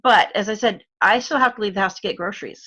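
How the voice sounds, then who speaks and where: A woman's voice: medium pitch, fast talker, pushed and bright, breathy edge, highs cut off. A middle-aged woman from Arizona with an Arizona accent, chatting as a guest, with lots of fillers and frequent laughs. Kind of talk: casual chat.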